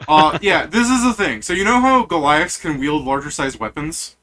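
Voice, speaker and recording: A man running a tabletop game as game master, animated and often repeating himself. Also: fairly high pitch, moderate pace, slight background noise.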